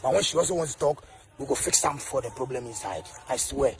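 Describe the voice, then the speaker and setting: A man's voice: medium pitch, expressive, quick pace. A middle-aged Ghanaian man speaking straight to camera in a video message, earnest and pleading, repeating his points. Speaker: entertainer.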